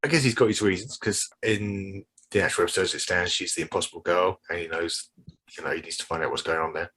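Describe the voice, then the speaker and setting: A man's voice: sits low, fast talker, fairly bright tone, breathy edge. A man co-hosting a podcast, agreeably recapping the story and chiming in with yeahs. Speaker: podcast co-host. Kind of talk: casual chat.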